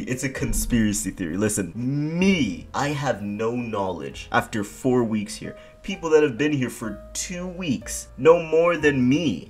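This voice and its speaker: A man's voice: mid-range voice, a little mellow. A young man telling a storytime rant in an exasperated, repetitive way, tripping over his words. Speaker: vlogger. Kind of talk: ranting storytime.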